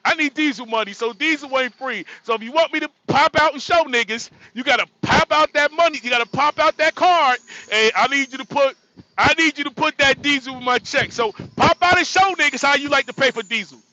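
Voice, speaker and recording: Background noise accompanies a very high-pitched man talking fairly quickly. He is a truck driver hosting a relaxed livestream, joking, laughing often and saying the same things repeatedly.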